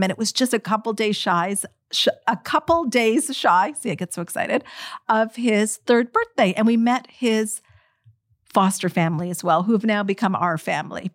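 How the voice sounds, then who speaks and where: A middle-aged woman telling her own story to an audience, emotional and animated, speaking straight to her listeners. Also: mid-range voice, no room sound, clean studio sound. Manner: animated, emotional, direct address.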